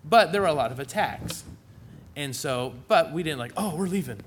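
A middle-aged man preaches to his congregation in a relaxed, folksy way, tossing in asides as he goes. His voice sits a little high for a man. A faint hiss hangs under the church-hall recording. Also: normal speed. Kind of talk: sermon.

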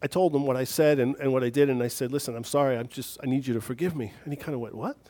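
A man's voice: mid-range voice, fairly even intonation, racing, dark tone. A man preaching a sermon on forgiveness in a conversational, self-deprecating way, telling a story on himself.

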